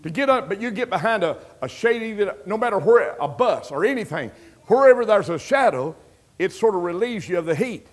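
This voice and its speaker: A middle-aged man preaching a sermon, swinging between hushed storytelling and loud exclamations. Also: sits high, animated, fairly quick.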